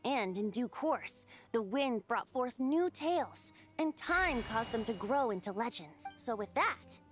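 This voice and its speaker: A woman's voice: fairly high pitch, expressive, unhurried, faint music behind. A woman voicing a playful young male bard god. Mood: solemn. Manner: lilting, teasing storyteller. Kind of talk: video game voice acting.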